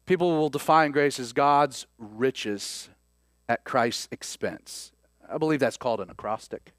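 A man preaching a sermon, swinging between loud emphasis and soft, hushed lines. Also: a little high, no room sound, clean studio sound.

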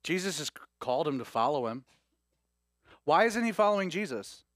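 Male pastor, casual chatty sermon, high voice, dry close sound. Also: a little fast, no room sound. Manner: animated, conversational, laughing asides.

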